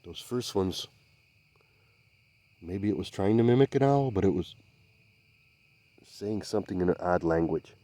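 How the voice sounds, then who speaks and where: A man investigating the woods by a swamp at night, speaking in a hushed, halting, searching way and sometimes calling out loudly. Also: low voice, no echo. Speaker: field investigator. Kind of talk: night field investigation commentary.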